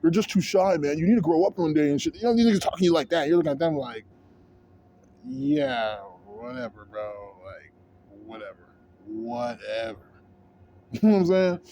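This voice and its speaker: A man's voice: a little high, rapid-fire, warm tone, slight background noise. Profane rambling man ranting. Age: 30s. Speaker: vlogger. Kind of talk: casual rant to camera.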